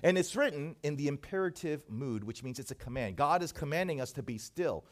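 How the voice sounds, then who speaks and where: A man preaching a sermon, shifting between soft hushed passages and emphatic points. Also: a little high, lively intonation, a little fast. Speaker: pastor.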